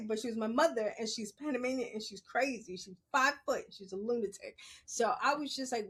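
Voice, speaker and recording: A woman telling a personal story on a podcast in a casual, animated way, swearing freely and laughing as she goes. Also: on the high side, a little fast, husky. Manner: animated, profane, laughs while she talks.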